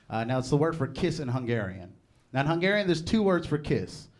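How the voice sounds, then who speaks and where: Give me a young male stand-up comic with a relaxed, conversational delivery. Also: a little high, quick pace. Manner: conversational, laughs at his own jokes. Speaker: stand-up comedian. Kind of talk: stand-up set.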